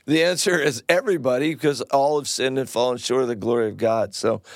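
A man, a pastor, making emphatic points with quick interjections in a casual faith discussion. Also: medium pitch, no room sound, studio quality. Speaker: pastor and co-host.

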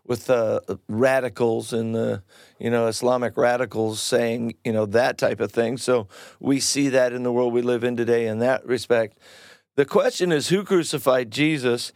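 A man, a pastor, making emphatic points with quick interjections in a casual faith discussion. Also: mid-range voice, dry recording, studio quality. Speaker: pastor and co-host.

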